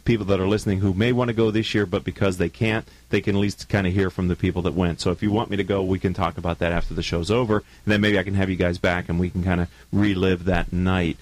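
A chatty male radio host with a low-pitched voice. He is recorded dry and close in the studio, keeping the talk casual and upbeat with quick jokes. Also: little pitch movement, no echo, rough recording. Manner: chatty, jokey, affirming.

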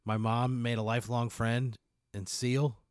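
A man's voice: mid-range voice, flat delivery, a little slow, no room sound, clean studio sound. Exasperated man protesting in a comedy bit. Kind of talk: improvised comedy banter.

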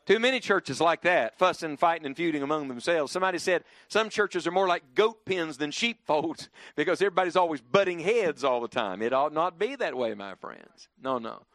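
Preacher, man, lively swooping delivery, slightly high voice, dry close sound. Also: moderate pace, hardly any pauses, no room sound. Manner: lively, rising and dropping emphatically, leading the congregation in call-and-response. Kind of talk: sermon. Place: church before a congregation.

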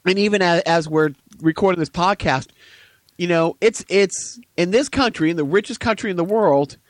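A man co-hosting a podcast, talking in a rambling, animated way with asides. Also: high voice, normal speed, no room sound. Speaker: podcast co-host. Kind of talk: casual podcast chat.

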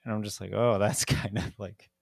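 With a fairly low, vocal-fry voice that barely moves in pitch, this man talks at normal speed while co-hosting a podcast. It's a casual, rambling movie chat, heavy on "like" and laughter, captured in echo-free studio quality.

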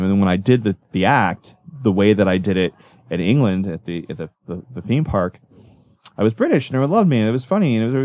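A male magician talking casually in an interview, rambling and correcting himself as he tells animated stories. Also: on the low side, no echo. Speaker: magician guest.

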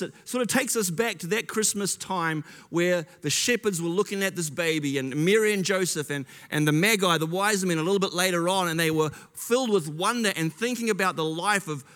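A man's voice: high voice, normal speed, few pauses, a bit bright. Chatty man preaching in a reverberant hall. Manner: chatty, self-interrupting storyteller. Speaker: pastor. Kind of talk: sermon.

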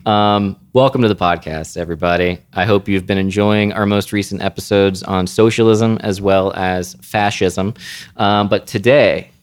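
A man's voice: on the low side, steady tone, normal speed. A man co-hosting a podcast, chatting casually in a wry, self-mocking way. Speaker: podcast co-host. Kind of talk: casual chat.

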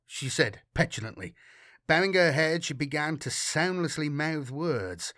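Rich: A male audiobook narrator with a lively, dramatic voice that rises and falls a lot. He reads in a measured way and slows down for grim detail. The sound is dry and close. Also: fairly high pitch, no echo.

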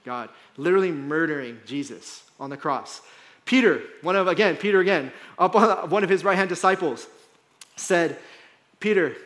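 Guy preaching a sermon, kinda high voice, chatty, keeps saying right? and like. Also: normal speed, bright, forceful tone. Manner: conversational preaching with frequent "right?" and "like". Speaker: pastor. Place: church hall.

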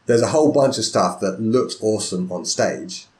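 A man's voice: lowish voice, moderate pace, a little mellow. A man hosting a podcast interview, talking in a thoughtful, rambling way and checking in with "right?". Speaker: podcast host. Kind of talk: casual interview chat.

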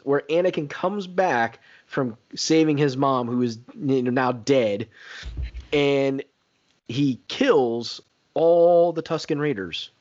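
A man co-hosting a casual film podcast, talking in an animated way, swearing and laughing often. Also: mid-range voice. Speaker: podcast co-host. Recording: slightly dull lo-fi audio.

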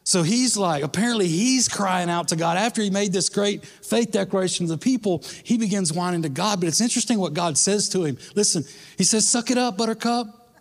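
A man's voice: high-pitched, brisk. Casual preaching man in a reverberant hall. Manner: casual, conversational preaching with slang. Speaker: pastor. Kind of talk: sermon. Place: church sanctuary.

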